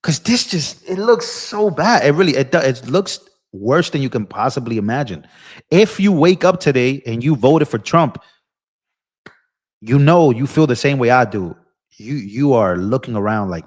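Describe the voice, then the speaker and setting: A man's voice: medium pitch, lively intonation, a little slow. A young man hosting a political live stream, ranting in a heated, impassioned way and talking straight to his viewers. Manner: impassioned, ranting, addresses viewers as bro and y'all.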